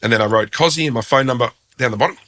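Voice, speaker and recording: An Australian man, appearing as a guest, tells a story casually and with animation, poking fun at himself and acting out the quotes. His mid-range voice races along.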